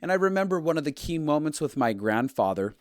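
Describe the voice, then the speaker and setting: Man telling an animated story. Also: on the high side, quick pace, no room sound, clean studio sound. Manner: animated storytelling with restarts and acted-out quotes. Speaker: podcast co-host. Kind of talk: casual conversation.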